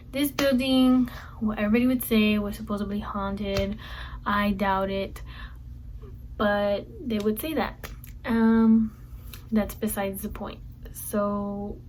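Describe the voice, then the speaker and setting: A woman's voice: medium pitch, darkish tone, poor audio. A young woman vlogger telling a rambling school story in casual storytime style, repeating herself as she goes. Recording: faint background noise.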